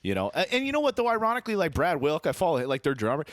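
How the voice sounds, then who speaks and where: A man's voice: a little high, racing, dry recording, studio quality. A man co-hosting a podcast, ranting and swearing in casual chat. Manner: animated, swears a lot, ranting. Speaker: podcast co-host.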